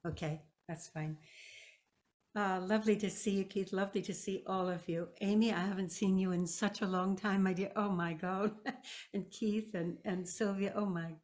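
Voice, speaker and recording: A woman, a folk singer, warmly greeting friends on a video call, effusive and delighted, speaking quietly. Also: mid-range voice, fairly even intonation, moderate pace.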